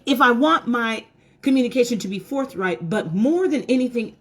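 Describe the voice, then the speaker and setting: A woman's voice: mid-range voice, breathy edge. A woman hosting a motivational talk for women, emphatic and preachy, with self-mocking asides to her audience. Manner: repeats words and restarts when fired up.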